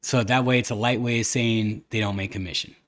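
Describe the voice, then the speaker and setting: A man's voice: on the low side, steady tone, fairly quick, fairly bright tone. A man hosting a casual podcast chat, telling stories animatedly and acting out the people he quotes. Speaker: podcast host.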